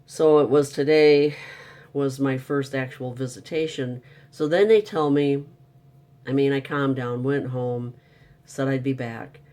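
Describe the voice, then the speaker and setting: A man's voice: mid-range voice, fairly even intonation, unhurried, a little mellow. A man telling a frustrating story in a casual, upset monologue, venting and exasperated. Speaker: vlogger.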